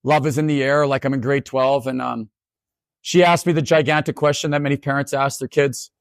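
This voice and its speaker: Delivering a keynote built on funny stories, a man from Canada in his forties mocks himself and throws in quick asides with plenty of animation. He speaks in a mid-range voice, with no room sound.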